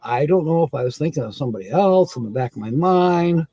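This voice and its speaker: A man's voice: on the high side, lively intonation, quick pace, warm tone, breathy edge. A man hosting a casual live stream, rambling and chuckling often as he corrects himself.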